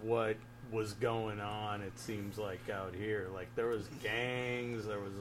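A man's voice: lowish voice, steady tone, takes it slowly, a little hiss or hum. A man hosting a casual interview, prodding his guest with laid-back questions. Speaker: interview host. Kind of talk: casual chat.

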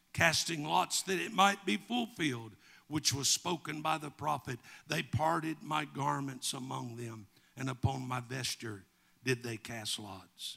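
A Southern American man preaches a sermon in a church, his voice pitched fairly high with a gravelly texture. He speaks slowly and deliberately, lifting into emphatic, preacherly cadences when he reads scripture. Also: bright, forceful tone. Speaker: pastor.

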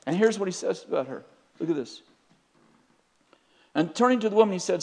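A middle-aged man preaching with a notably high voice. He delivers his sermon emphatically, rising to loud urgency and dropping to quiet asides, and keeps checking in with his listeners. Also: expressive, a little fast, creaky, long pauses. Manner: addresses the congregation directly. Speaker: pastor.

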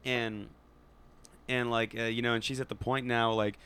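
A male voice teacher tells a story in a relaxed, conversational way, with plenty of filler words. His voice is smooth and clear, set at a middling pitch. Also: normal speed. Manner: storytelling, laid-back, many fillers. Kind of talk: casual chat.

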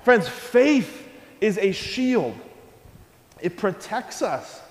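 A man preaching a children's homily as a priest, animated, asking the children questions and repeating key phrases. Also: high voice, drawn-out words, roomy sound, long reverb tail. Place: church.

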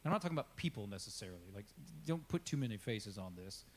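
A man's voice: lowish voice, very animated, fast. A man preaching a casual sermon, talking in a chatty way and acting out quotes with asides to his congregation. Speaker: pastor. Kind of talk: conversational sermon.

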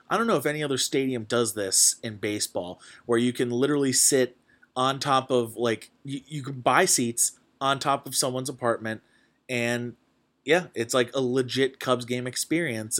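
Young man rambling casually as host. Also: medium pitch. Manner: rambling, full of fillers, excitable. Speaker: podcast host. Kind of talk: casual chat.

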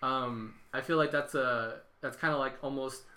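A man's voice: mid-range voice, fairly even intonation, normal speed, bright, forceful tone. A young man, co-hosting a casual podcast and animatedly acting out the dialogue in his stories. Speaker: podcast co-host. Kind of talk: casual chat.

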